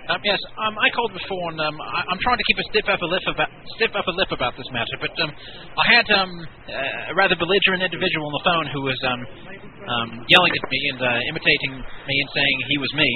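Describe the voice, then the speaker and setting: A man doing a pompous British colonel who hems and stammers through every sentence. The voice sits on the high side and runs quick. It comes through a phone-like, lo-fi line with faint hiss. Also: crowd noise, lightly acted. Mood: flustered. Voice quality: hesitant, stammering, quaint old-fashioned slang. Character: pompous fussy British army colonel, middle-aged man.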